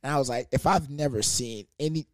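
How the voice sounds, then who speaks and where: A young adult speaker spins a rowdy party story with swearing and slang, full of asides and fillers. The delivery is lively and comedic, sitting at a middle pitch. The sound is close and dry, with no room echo. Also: a little fast. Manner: animated, profane, comedic storytelling. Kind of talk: casual storytime monologue.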